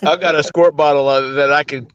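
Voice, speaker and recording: A man co-hosting a live show, chatting casually over a video call, rambling through stories with frequent "uh" pauses. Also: fairly high pitch, steady tone, a bit bright, a little hiss or hum. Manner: easygoing storyteller, rambles with "uh" pauses. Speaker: co-host of a daily live show. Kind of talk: casual chat. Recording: dull lo-fi video call audio.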